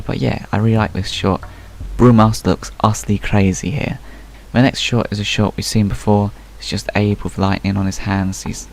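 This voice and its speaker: A man's voice: deep voice, creaky, darkish tone. A young man casually talking through a game trailer, musing aloud with lots of fillers. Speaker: video game commentator.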